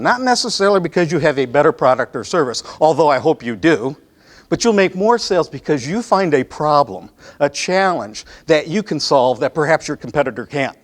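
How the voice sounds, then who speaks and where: A man's voice: fairly high pitch, expressive, brisk. A man with a Midwest American accent running a live sales training session, talking conversationally and often checking in with the room.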